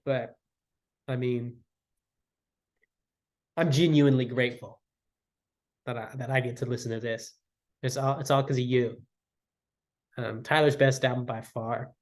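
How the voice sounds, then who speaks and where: A man's voice: a little high, a bit bright. A young man ranking his favorite albums in casual chat, enthusiastic and rambling, slangy and full of fillers.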